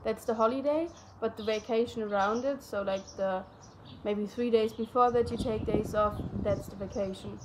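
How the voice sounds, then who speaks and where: A woman's voice: fairly high pitch, fairly even intonation, moderate pace, few pauses, background noise. A young woman whose first language is German, chatting casually and rambling with many fillers. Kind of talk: casual chat.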